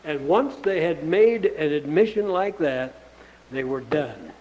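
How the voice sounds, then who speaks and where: A man's voice: fairly high pitch, expressive, measured pace, darkish tone, muffled recording. A male pastor preaching a sermon in a plain, earnest, conversational way, often asking the listeners rhetorical questions.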